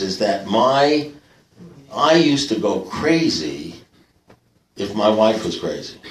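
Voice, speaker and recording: A man's voice: on the low side, distant mic, slight background noise. An older man telling stories at a recovery meeting in a wry, self-mocking way, with punchy jokes. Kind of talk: storytelling share at a recovery meeting. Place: meeting hall with live audience. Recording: echoey room, picked up from afar.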